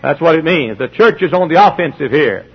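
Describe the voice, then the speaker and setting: A middle-aged pastor, preaching emphatically and acting out little dialogues. His voice sits a bit high and sounds husky. The recording is dull and lo-fi. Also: expressive, a little fast. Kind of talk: sermon.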